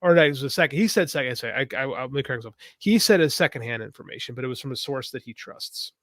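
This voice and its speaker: A man's voice: mid-range voice, animated, very fast, fairly bright tone, dry recording. Guy rambling on a podcast, lots of ums and restarts, mid voice, dry close mic. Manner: rambling, self-correcting, many fillers. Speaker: podcast co-host; youth coach. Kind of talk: casual podcast chat.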